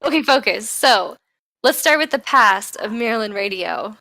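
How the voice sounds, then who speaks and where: A woman in her own easygoing voice, hosting a loose group chat. She pitches a little high, rambles, jokes and giggles often. Her sound is dry and close, with no room around it. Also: lively intonation, moderate pace, gravelly, pushed and bright, no echo. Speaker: radio show host.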